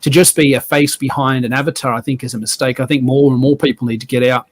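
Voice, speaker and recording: Fast-talking easygoing Australian man. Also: mid-range voice, steady tone. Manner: rambling, easygoing storyteller. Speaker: podcast guest. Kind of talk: casual chat.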